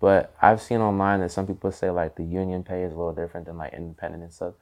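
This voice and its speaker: A man's voice: sits low, level tone, fast talker, a little mellow. A man hosting a podcast, asking easygoing, curious questions in casual chat. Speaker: podcast host.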